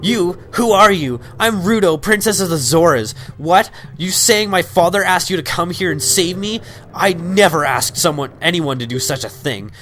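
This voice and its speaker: A man voicing a haughty, spoiled young fish princess in a snippy high falsetto. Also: expressive, normal speed, a bit bright, slight background noise. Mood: bratty. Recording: game music behind.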